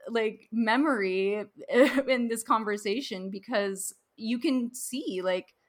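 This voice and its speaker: A woman's voice: a little high, slow. A woman host chatting in a casual podcast conversation, telling a personal story with frequent laughs and fillers. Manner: chatty, laughs often, many "like"s.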